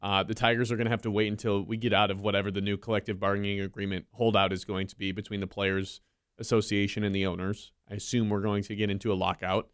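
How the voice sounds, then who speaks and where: A man hosting a sports radio show, talking in a measured, analytical way with some teasing. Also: fairly low pitch, clean tone, dry recording, clean studio sound.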